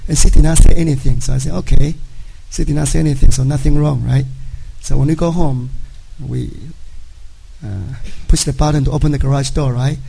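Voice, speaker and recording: A middle-aged man, a native Chinese speaker, giving a personal testimony to a congregation in halting speech, often checking in with "right?". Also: mid-range voice, fairly even intonation, vocal fry, warm tone, slight background noise, rough recording. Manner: halting, frequent "right?" tag questions. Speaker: church member giving a testimony.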